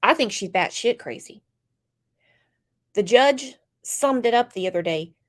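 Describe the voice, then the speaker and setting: A woman's voice: fairly high pitch, expressive, unhurried. A woman with a stuffed-up, congested voice hosting a true crime livestream, greeting viewers by name and giving blunt opinions in casual chat.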